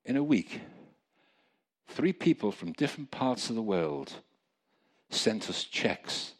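A man preaching a testimony sermon, telling stories in a lively way with chuckling asides. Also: fairly low pitch, takes it slowly. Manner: storytelling, animated, chuckling asides.

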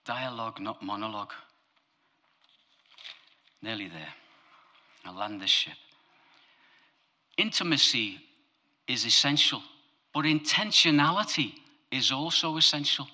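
A man preaching a lively, humorous sermon, his voice climbing to emphatic high peaks and dropping low for asides. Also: a little slow, long pauses.

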